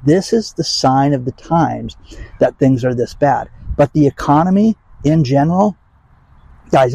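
A man's voice: mid-range voice, creaky, mellow, breathy edge, dry recording, poor audio. An older man ranting bluntly and emphatically to his audience in a rambling vlog. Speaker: vlog host. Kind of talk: casual rant to camera.

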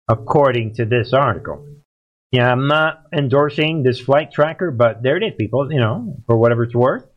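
A man's voice: medium pitch, dull audio. Rambling man hosting a political livestream. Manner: rambling, emphatic, talks to chat. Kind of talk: casual livestream commentary.

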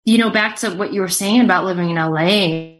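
A woman talking as a show guest, halting and earnest, full of fillers and restarts. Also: mid-range voice. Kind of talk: casual interview talk.

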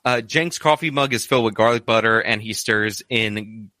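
A man's voice: fairly low pitch, normal speed, sharp tone, no echo. A man hosting a casual live stream, reading out viewer donations with a rambling, laugh-filled, filler-heavy way of talking. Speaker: streamer reading super chats.

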